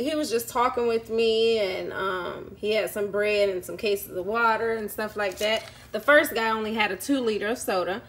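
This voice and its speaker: A woman with a medium-pitched, fairly bright voice vlogs casually at home for YouTube, and a little hiss or hum is audible. Chatty and prone to ums, she tells a long story while acting out those she met.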